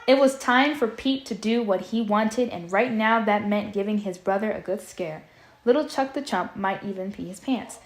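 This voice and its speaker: A woman's voice: medium pitch, moderate pace, reverberant. A woman casually reading a storybook aloud, stumbling and restarting, with chatty asides. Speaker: audiobook reader. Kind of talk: casual read-aloud with commentary.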